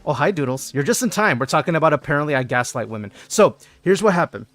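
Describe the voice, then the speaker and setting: A man streaming a game, telling a story to chat in an animated way and laughing often. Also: a little high, quick pace, no echo. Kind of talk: casual chat while gaming.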